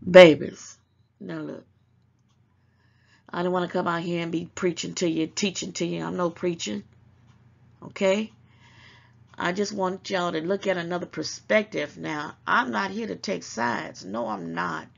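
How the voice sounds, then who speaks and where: A woman's voice: fairly low pitch, steady tone, moderate pace, creaky. A woman hosting her own channel, giving emphatic, preachy commentary to her viewers and calling them baby. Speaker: channel host. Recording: dull lo-fi sound.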